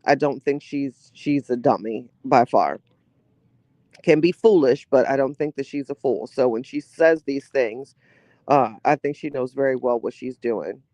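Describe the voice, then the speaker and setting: Chatty animated woman podcast host. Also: extremely low pitch, measured pace, no room sound. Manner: chatty, animated, exclamatory with laughter. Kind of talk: casual commentary.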